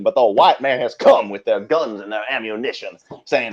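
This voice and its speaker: A man riffing in a grandiose, preacher-like comedic oration, drifting from hushed whispers to loud declaiming. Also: on the low side, expressive, moderate pace, few pauses, lo-fi sound. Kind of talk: improvised comedic mock oration.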